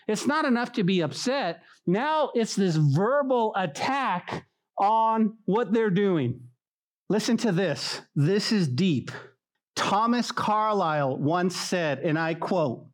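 A man preaching a sermon to a congregation, animated and conversational, acting out the voices he quotes. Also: fairly high pitch, normal speed. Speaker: pastor. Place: church hall.

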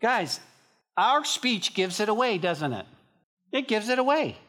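A pastor from northern New Mexico preaching a sermon to his church in an animated, emphatic, conversational way. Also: sits high, measured pace.

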